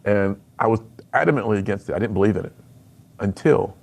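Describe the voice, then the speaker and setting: A middle-aged man, a guest on a radio interview, telling his personal story in an earnest, animated way and acting out the lines he quotes. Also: lowish voice, brisk, vocal fry. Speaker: radio guest, speaker to students.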